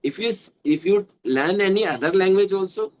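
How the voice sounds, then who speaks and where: A man's voice: high-pitched, expressive, fairly quick, muffled recording. A man from western Uttar Pradesh with an Indian English accent and Hindi as his first language. He explains things patiently in casual conversation practice and often repeats words while he searches for phrasing.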